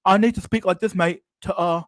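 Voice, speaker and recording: A sneering mock of a prim, scripted young YouTuber, stretched into an exaggerated accent, as a man puts it on. The voice jumps up high and pushes louder for the caricature. The delivery is pure parody. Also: fairly even intonation, brisk, no echo, studio quality, close to an everyday voice. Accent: put-on mock accent saying "mate". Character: man mocking a stiff scripted male youtuber.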